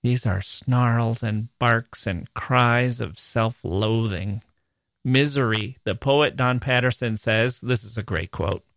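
A man hosting a podcast about poetry, talking in an animated way and acting out rhythms with nonsense syllables. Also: medium pitch, slow pace, vocal fry, dry recording. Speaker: podcast host.

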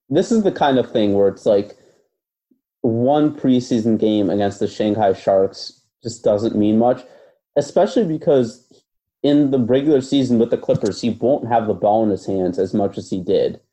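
Man with a dark, low voice. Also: normal speed. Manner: thoughtful, hedging, many fillers. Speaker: basketball podcast co-host. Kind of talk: casual analytical chat.

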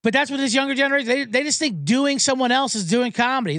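A man's voice: extremely high pitch, quick pace, a bit bright, no echo, clean studio sound. A man hosting a comedy sports podcast, ranting with profanity and getting fired up. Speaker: podcast host.

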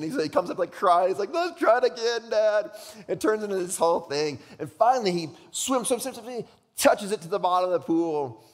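A man's voice: a little high, long reverb tail. A pastor in his thirties preaching a sermon in a conversational way, repeating words and asking rhetorical questions.

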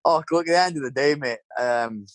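A man's voice: fairly high pitch, brisk, no echo. A middle-aged Scottish man with a Scottish accent, rambling through casual anecdotes full of swearing and tag questions. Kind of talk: casual storytelling chat.

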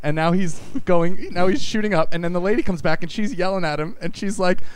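A man's voice: high voice, brisk, clear, resonant tone, poor audio. A young man casually recapping a movie scene by scene on a podcast, rambling and restarting his sentences. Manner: rambling, restarts often, laughs. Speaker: podcast host.

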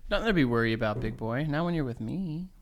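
A man putting on a low, creepy seductive voice. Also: lively intonation, slight background noise, close to an everyday voice. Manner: slow, hushed, suggestive. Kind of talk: joking bit in casual chat.

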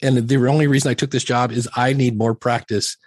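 A man's voice: mid-range voice, steady tone, a little fast, dry recording, studio quality. A middle-aged man talking candidly as a podcast guest, telling stories in a self-deprecating way with many restarts. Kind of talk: casual interview chat.

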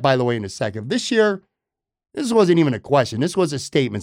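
A man holds forth on his sports podcast, voice pitched a little high. He talks emphatically and opinionated, circling back to repeat his points for stress. The sound is dry and close, with no room around it. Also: no room sound. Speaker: podcast host.

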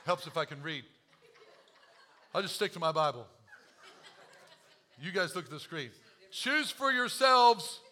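A man preaching a sermon as pastor, joking at himself and moving from quiet confession to loud urging. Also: on the high side. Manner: animated, self-deprecating humor, swings from quiet confession to shouting; quotes scripture slowly.

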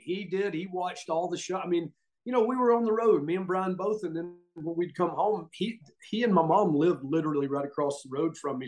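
A middle-aged man with a Southern US accent, telling stories casually and acting out the quotes. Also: fairly high pitch. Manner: animated, acts out quotes, laughs often. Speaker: podcast guest, former wrestler. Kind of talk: casual storytelling.

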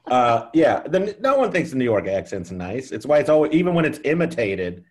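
A man's voice: medium pitch, sing-song, a little fast, darkish tone. A man in his thirties from Texas, a comedian chatting casually on a podcast and mocking himself, with stammering restarts. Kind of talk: casual chat.

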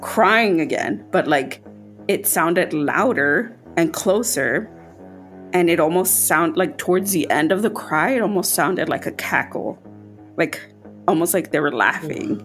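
A woman podcast host telling a personal spooky story in casual chat, her voice jumping high when she quotes herself. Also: lively intonation, a little slow, soft background music.

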